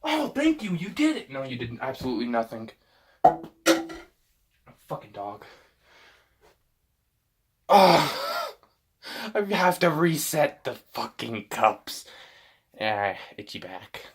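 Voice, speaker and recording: Excitable swearing vlogger, lively pitch. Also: male voice, slow pace, long pauses. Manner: excitable, swears, yelps and shouts at misses; talks to his dog and himself. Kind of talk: casual self-talk while filming.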